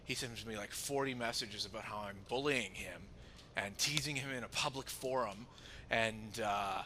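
A man telling a story on a podcast in casual chat, animated, with many restarts and a lot of swearing. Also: lowish voice, normal speed, noisy background. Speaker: podcast co-host.

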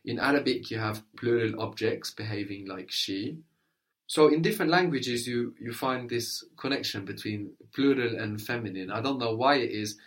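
A man's voice: medium pitch, moderate pace. A man teaching a language lesson, patiently prompting and encouraging his student.

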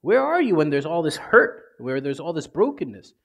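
A man's voice: fairly high pitch, very animated, normal speed, creaky, fairly bright tone. A man, a priest, giving a conversational sermon and acting out prayers in everyday speech.

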